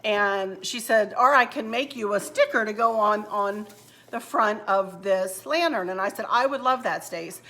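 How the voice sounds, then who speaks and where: A woman's voice: medium pitch, pushed and bright. Woman, casual home-decor vlogger, friendly chatter, light laughs, middle voice. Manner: chatty and homey, laughing easily. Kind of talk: casual crafting tutorial chat. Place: home kitchen.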